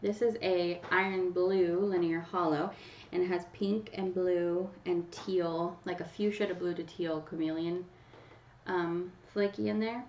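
A chatty woman from Canada hosts a live stream, talking straight to viewers by name. Her voice has a gravelly edge and sits back from the mic, in a roomy space. The sound is dull and lo-fi. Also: fairly low pitch, fairly even intonation, a little slow, darkish tone, recorded from a distance, slight background noise. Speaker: livestream host running a nail polish giveaway. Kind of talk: casual live chat to viewers.

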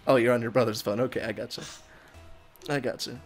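A young man streaming a game live with friends, excitable and profane, yelping and laughing as he plays and thanks viewers. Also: medium pitch, fairly quick, soft background music. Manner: excitable, swears a lot, yelps and laughs. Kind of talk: casual gaming livestream chat.

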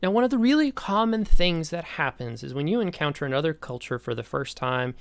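An American man giving a recorded lecture, telling a story from his own life in an animated way. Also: fairly high pitch, brisk, gravelly, clear, resonant tone, no echo. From United States. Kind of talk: recorded lecture with a personal anecdote.

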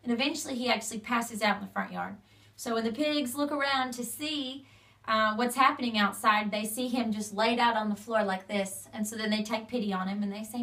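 A woman's voice: fairly high pitch, fairly quick, fairly bright tone, recorded from a distance. A young woman casually retelling a fairy tale, chatty, linking sentences with "so" and "you know". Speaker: storyteller.

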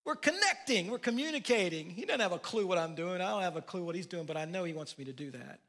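Bright folksy pastor, older man. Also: sits high, lively intonation, quick pace. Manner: folksy storytelling with laughs and asides. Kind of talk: sermon.

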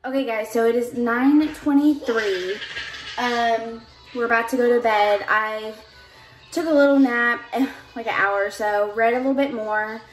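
A woman's voice: on the high side, measured pace, reverberant, faint music behind. A young woman, chatting casually in a vlog, tired after staying up, with lots of fillers. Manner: chatty, laid-back, many fillers. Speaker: book vlogger.

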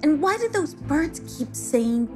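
A woman's voice: high-pitched, sing-song, slow pace, mellow, faint music behind, pitched above the performer's own voice, exaggerated voice. A woman voicing a nervous, doubtful young girl twin in a children's story. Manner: worried, doubtful questions.

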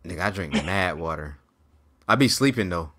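A man in his thirties with a bright, forceful voice that swings high and low as he talks. He fires off loud, profane trash talk in heated, casual banter with his co-hosts. He comes through a video call. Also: expressive, moderate pace. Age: 30s. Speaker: livestream panel regular.

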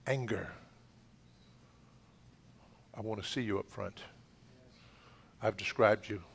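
A man's voice: lowish voice, steady tone, slow pace, vocal fry, slight background noise. Fervent pastor man commanding healing prayers. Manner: fervent, commanding, swings from loud shouted rebukes to hushed murmurs. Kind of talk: charismatic healing prayer at a church service. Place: church sanctuary.

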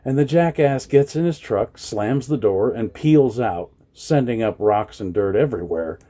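A man ranting in a personal vlog, agitated and swearing often, at times raising his voice to a shout. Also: mid-range voice, lively intonation, a little slow. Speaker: vlogger. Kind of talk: angry personal vlog rant.

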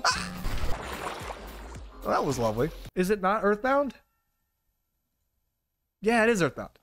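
Excitable young man streaming a game. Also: high voice, measured pace, faint music behind. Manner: excitable, swears, shouts and laughs at the game. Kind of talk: live game commentary.

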